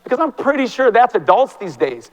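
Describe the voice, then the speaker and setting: A man in his forties, a teacher giving an animated, fast, impassioned talk on stage in a large hall. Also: extremely high pitch. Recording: long reverb from a large hall.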